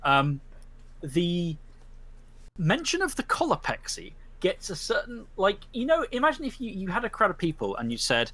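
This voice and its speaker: Male game master, lively pitch, rambling, restarts often. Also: moderate pace. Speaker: storyteller. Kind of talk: narrating a tabletop game.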